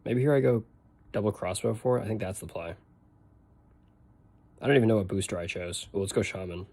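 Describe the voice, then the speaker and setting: A man's voice: fairly low pitch, fairly quick, darkish tone. A young man from the northeastern United States with a Boston accent, chatting casually on a game stream, rambling and answering his chat while he plays.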